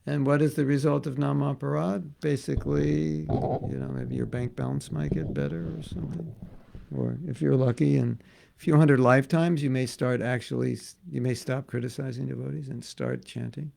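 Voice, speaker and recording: A man's voice: medium pitch, steady tone, moderate pace, gravelly, warm tone. A man teaching a casual devotional class, joking and conversational, repeating words for emphasis. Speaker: spiritual teacher.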